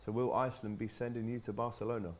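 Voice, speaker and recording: A man's voice: lowish voice, flat delivery, fast talker. A man hosting a casual football watch-along show, introducing guests and cracking jokes. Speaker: host. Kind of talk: casual chat.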